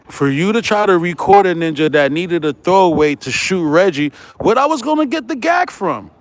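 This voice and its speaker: A high-voiced man rants at his audience, swearing freely and pushing back at his critics. He keeps tossing in "right?" and breaks off into laughter along the way. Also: very animated, normal speed, few pauses, dry recording. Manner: profane, combative, repeats "right?"; laughs often while ranting. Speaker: YouTube host. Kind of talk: heated vlog rant.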